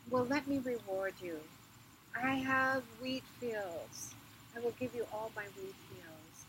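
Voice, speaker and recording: A woman's voice: a little high, takes it slowly, a bit bright, a little hiss or hum, poor audio. A woman voicing an imperious underworld queen in labor who groans and then bargains offhandedly. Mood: bargaining.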